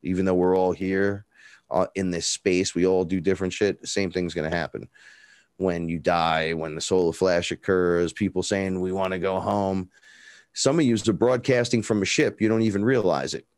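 Guest: a man, lowish voice, dry close sound, swearing storyteller who acts out quotes. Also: steady tone, moderate pace, darkish tone, dry recording. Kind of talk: casual storytelling.

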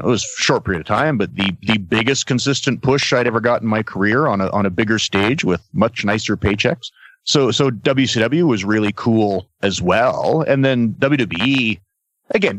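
A middle-aged man chatting as a podcast guest, his voice sitting at an ordinary pitch. He tells stories with energy, acting out quotes along the way. The sound is dry, with no room around it. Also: dry recording, poor audio. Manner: animated storyteller, acts out quotes. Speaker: podcast guest, former wrestler. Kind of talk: casual storytelling. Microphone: podcast mic.

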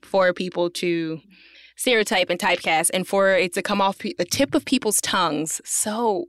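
A woman's voice: lowish voice, normal speed, no room sound, studio quality. A woman actress with a country urban Southern US accent, telling stories in a casual conversation and laughing often. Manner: candid, storytelling, laughs often.

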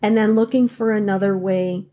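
A woman's voice: mid-range voice, steady tone, moderate pace, warm tone, a little hiss or hum. A woman hosting a podcast, giving supportive self-help advice with many encouraging rhetorical questions. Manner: fillers and restarts, emotional at times. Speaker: podcast host.

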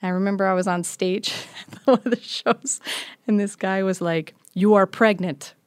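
A woman in her thirties tells a story in an animated way and laughs often. She slips into the voices of the people in it. The recording is dry and close, with no room sound. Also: mid-range voice, moderate pace, clean tone, no room sound. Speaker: guest, comedian and musician. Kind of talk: casual storytelling chat.

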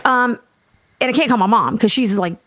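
A woman co-hosting a podcast, telling a story in a lively casual way and acting out what everyone said. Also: fairly high pitch, no echo. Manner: animated, fast, acts out everyone's lines. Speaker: podcast co-host.

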